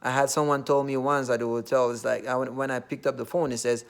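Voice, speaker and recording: A man's voice: medium pitch, flat delivery, a little fast, gravelly, smooth. A man from Nigeria with a Nigerian accent, talking in a casual, earnest monologue full of fillers. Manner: earnest, loosely phrased with many fillers.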